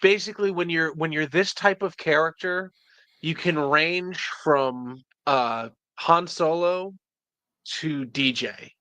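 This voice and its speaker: Guest guy with a sharp bright voice, quippy dry jokes, dead dry sound. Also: fairly high pitch, takes it slowly, no room sound. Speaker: guest reviewer. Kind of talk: casual review chat.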